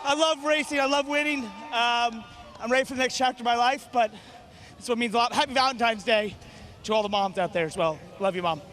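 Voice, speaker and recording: A man, the race winner, out of breath and shouting with elation in a trackside interview. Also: very high-pitched, brisk, soft background music. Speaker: winning driver. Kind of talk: post-race victory lane interview.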